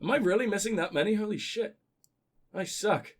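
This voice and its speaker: Male let's-play host, high-pitched, crude and self-deprecating, loose rambling commentary with sudden excited outbursts. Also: fairly quick. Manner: swings between excited outbursts and low mock-sultry mumbling. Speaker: gaming channel host.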